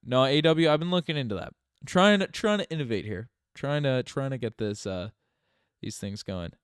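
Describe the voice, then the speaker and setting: Smooth and mid-range with lively intonation, the voice belongs to a young channel host from Newfoundland, Canada, with a light Newfoundland accent, speaking at normal speed. His chatty live stream wanders, with lots of restarts and laughs, in studio-quality audio without echo.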